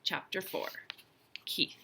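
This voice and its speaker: A woman teacher reading a children's novel aloud, with expressive storytelling and lively emphasis. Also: slow pace, slight background noise.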